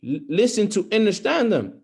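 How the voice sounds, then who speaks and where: A man's voice: high-pitched, very animated, normal speed, gravelly, a little mellow. Earnest man giving a pep talk. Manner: earnest, repetitive, rising to emphatic. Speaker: motivational speaker on a group call. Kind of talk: motivational talk.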